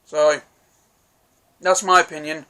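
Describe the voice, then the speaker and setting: Man, film review vlog, rambling and sweary, bright tone, slightly high voice. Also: little pitch movement, slow pace, clear, resonant tone. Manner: rambling, swears a lot, restarts often.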